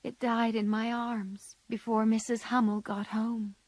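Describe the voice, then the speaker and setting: A woman voicing a shy, gentle young girl who speaks softly. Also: on the high side, level tone, measured pace, no echo, pitched above the performer's own voice, natural voice. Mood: quiet.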